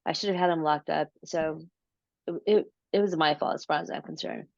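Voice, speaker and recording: A woman guest in an interview, telling a personal story in a casual, animated way, often repeating words and acting out what she said. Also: deep voice, brisk, creaky, no room sound, lo-fi sound. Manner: animated, repeats words, acts out her own quotes.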